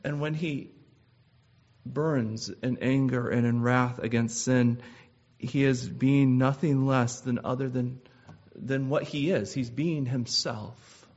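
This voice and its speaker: A man preaching a sermon in a measured, earnest way, with frequent "uh" restarts. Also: medium pitch, fairly even intonation, a little mellow. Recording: slightly dull lo-fi sound.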